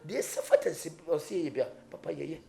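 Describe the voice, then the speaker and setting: A man's voice: on the high side, fairly quick, vocal fry. An actor with a Ghanaian accent playing a worried married man pressured by his mother, talking earnestly over a music bed. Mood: troubled. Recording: music bed under dialogue.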